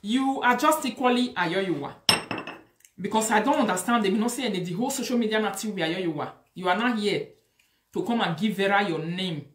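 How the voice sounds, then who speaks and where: A woman's voice: medium pitch, expressive, a little fast, roomy sound. A woman with a Nigerian Pidgin accent, lecturing and scolding in a social media commentary. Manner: preachy, lecturing, mixes Pidgin and Yoruba-like phrases. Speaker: online commentator.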